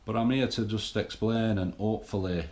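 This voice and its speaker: A man's voice: fairly low pitch, steady tone, normal speed, a little mellow. Blunt, sweary man in an echoey room. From England. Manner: blunt, sweary, rambling motivational talk. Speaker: bodybuilding vlogger. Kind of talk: casual monologue to camera.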